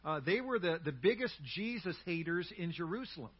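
A man preaching a sermon as pastor, telling a story in an animated way with humorous asides. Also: high-pitched, brisk, slightly rough, highs cut off.

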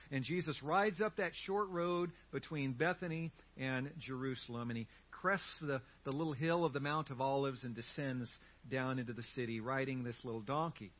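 A man preaching a sermon as pastor, telling a story in an animated way with humorous asides. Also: a little high, muffled recording.

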